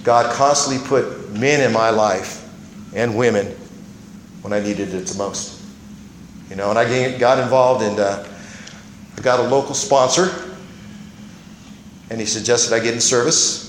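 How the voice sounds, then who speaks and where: A man's voice: mid-range voice, measured pace, long pauses, echoey room, a little hiss or hum, rough recording. A middle-aged man sharing his personal testimony at a recovery meeting, rambling as a storyteller with many fillers and restarts.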